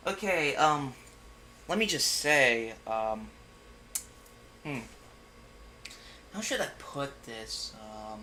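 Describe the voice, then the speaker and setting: A man's voice: medium pitch, animated, very slow, pauses often, sharp tone. A man reading a bad fan fiction aloud with mocking, exasperated commentary and sudden outbursts. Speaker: comedic fan fiction reader. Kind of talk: sarcastic dramatic reading with commentary.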